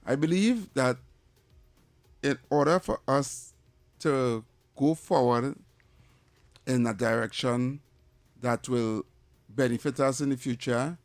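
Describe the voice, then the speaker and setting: A man's voice: mid-range voice, takes it slowly, pauses often, no echo. An older man with a Trinidadian accent co-hosting a talk radio show, blunt and opinionated, often repeating himself. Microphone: studio mic.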